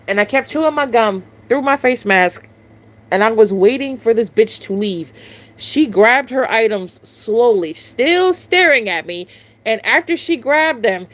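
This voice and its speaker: A young woman vlogger, telling a storytime in casual, profane, exasperated chat. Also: a little high.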